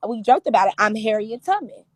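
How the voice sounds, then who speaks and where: A woman's voice: a little high, a little fast, no echo. A woman from New Orleans telling stories in casual chat, acting out the voices of the people she quotes. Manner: animated storytelling, acts out quoted voices. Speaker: guest.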